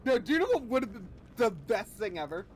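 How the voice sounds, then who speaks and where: A man's voice: high-pitched, big pitch swings, fairly quick. A man co-hosting a game stream, teasing his friend with playful, laughing commentary.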